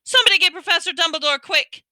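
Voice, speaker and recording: Percy, a woman doing a high, bossy head boy. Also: sing-song, measured pace, bright, forceful tone, dry recording, full character voice. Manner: bossy and self-important. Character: pompous teenage head boy.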